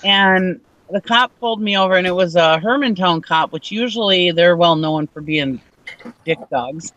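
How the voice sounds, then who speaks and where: A woman's voice: lowish voice, normal speed, a bit bright, no echo, muffled recording. A woman from Minnesota telling a story in casual chat, laughing often and acting out what people said. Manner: chatty, laughs often, acts out quotes.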